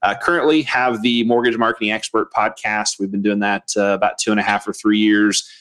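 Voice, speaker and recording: A man appearing as a podcast guest, modest and relaxed, talking through his career with many small fillers. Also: on the low side, a little fast, clear, resonant tone. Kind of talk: casual podcast interview.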